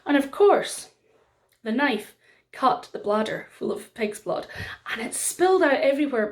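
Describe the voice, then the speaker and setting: A woman telling a folk tale to children, animated and dramatic, slowing for emphasis. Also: high voice. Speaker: storyteller.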